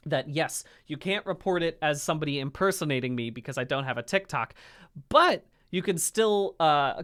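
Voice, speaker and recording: A man streaming live, chatting casually to his audience, animated and self-mocking, and often laughing. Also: fairly high pitch.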